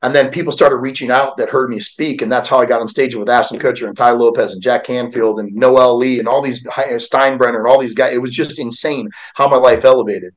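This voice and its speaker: In a rough recording, a forties-aged man shares his personal history as a podcast guest, speaking fairly quickly with hardly any pauses. His voice is middle-pitched with fairly even intonation, yet his heartfelt telling alternates between hushed and forceful, much like a motivational speaker.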